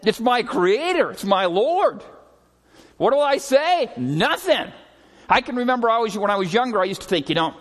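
High-voiced pastor preaching in a reverberant hall. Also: male voice, big pitch swings, fairly bright tone. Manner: earnest storytelling preacher, often slowing and dropping his voice for emphasis. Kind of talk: sermon. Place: church sanctuary.

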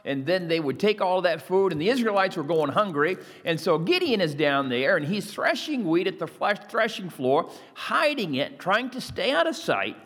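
A man with a somewhat high voice preaches a sermon. He reads scripture with rising emphasis and invites listeners to repeat key phrases after him. His voice carries a long reverb, as if filling a large hall. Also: sing-song, normal speed, hardly any pauses, fairly bright tone. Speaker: pastor.

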